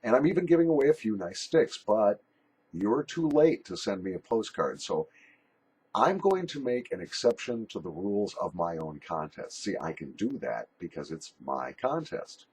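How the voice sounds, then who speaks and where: Brief: older man, low and very husky voice, joking and rambling through a friendly video letter. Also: sing-song, moderate pace, a little mellow. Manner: jokey, rambling, bawdy, friendly. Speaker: pipe and snuff YouTuber.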